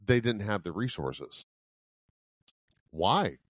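Middle-aged male podcast co-host, very low voice, blunt and profane, dry close sound. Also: sing-song, slow pace, dry recording. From Ohio, USA. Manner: blunt, profane, laughs often. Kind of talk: casual podcast chat.

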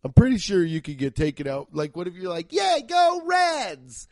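A man in his thirties from Cincinnati, hosting a podcast, rambling profanely and excitably in a casual comedic monologue while congested and sniffly from allergies. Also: on the high side, quick pace, dry recording. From Cincinnati, Ohio. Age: 30s. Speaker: podcast host.

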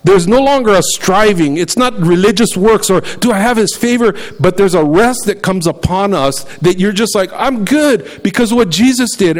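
A man's voice: sits high, rough recording. A middle-aged man preaching a conversational sermon, reading scripture aloud and telling stories with animation. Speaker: pastor.

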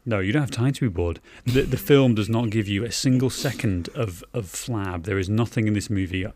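A man's voice: fairly low pitch, a little fast, darkish tone, no room sound. A man co-hosting a casual movie podcast, joking and teasing his co-host and laughing often. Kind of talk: casual chat.

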